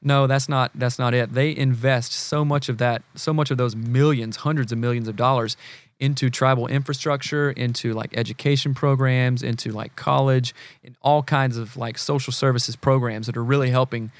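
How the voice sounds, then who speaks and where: A man's voice: mid-range voice, normal speed, dry recording. Earnest Southern man, dry close sound. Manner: earnest, animated, acts out quoted people. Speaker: guest, family counselor. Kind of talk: casual podcast conversation.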